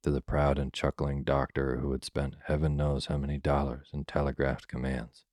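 A man reading a classic story aloud in a calm, soothing bedtime manner, close to the mic. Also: very deep voice, normal speed, no echo.

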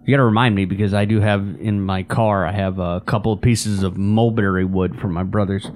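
Chill low-voiced guy cohosting, dry and easygoing, drops the odd swear. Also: steady tone, a little fast, darkish tone. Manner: laid-back, dry, swears casually. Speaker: podcast producer and co-host. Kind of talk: casual sports podcast chat.

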